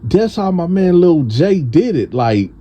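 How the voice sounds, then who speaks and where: A man from tells a prison storytime in a casual, animated way. He acts out his friends' voices in a higher pitch. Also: measured pace, dull audio.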